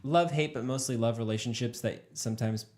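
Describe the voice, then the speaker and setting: A young man hosting a relaxed gaming podcast, his laugh breaking into nearly every other sentence. He rambles and stacks up ums and uhs before getting to the point. His voice sits at an ordinary middle pitch. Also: quick pace. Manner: giggly, rambling, lots of fillers. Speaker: podcast host. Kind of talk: casual chat.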